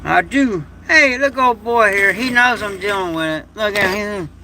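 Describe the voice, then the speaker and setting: A man's voice: high-pitched, moderate pace, bright, forceful tone, a little hiss or hum. A man, hosting a casual livestream chat from home at night, talking in a rambling, folksy and emotional way. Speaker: livestream host.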